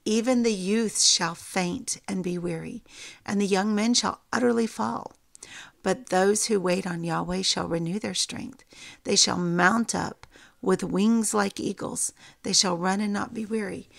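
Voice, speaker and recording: A woman teaching scripture with a creaky, gravelly voice. She reads the verses slowly and deliberately. At times she is moved and emotional. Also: medium pitch. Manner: slow deliberate reading of scripture. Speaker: Bible teacher.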